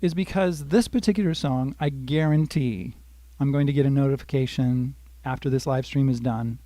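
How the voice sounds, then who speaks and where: Guitar plays under the voice of an older man, a guitar teacher hosting a lesson on a livestream, who goes through chords and strums, talks with viewers by name, and sings lines softly. He speaks at medium pitch and normal speed, recorded dry.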